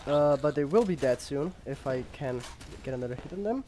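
A young man casually commenting on his gameplay, rambling with lots of fillers and jokes, and sometimes yelling when excited. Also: on the high side, brisk, noisy background. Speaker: gamer.

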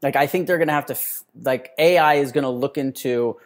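A man co-hosting a podcast, telling stories in a loose, animated way, full of "like" and restarts. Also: mid-range voice, fairly quick. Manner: animated storyteller, heavy use of "like". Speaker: podcast co-host. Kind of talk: casual podcast chat.

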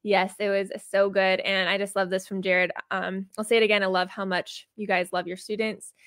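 A woman's voice: mid-range voice, flat delivery, moderate pace, fairly bright tone, clear, resonant tone, no echo, clean studio sound. A woman co-hosting a livestream, chatting bubbly and casually while reading viewer comments aloud. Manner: bubbly, reads out chat comments with many "um"s. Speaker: livestream co-host.

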